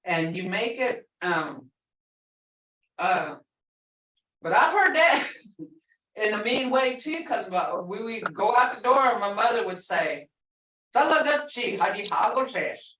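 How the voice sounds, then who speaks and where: A middle-aged woman teaching a language class, explaining patiently and repeating words slowly. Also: medium pitch, very animated, fairly bright tone. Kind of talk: online language lesson. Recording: roomy sound from a distance.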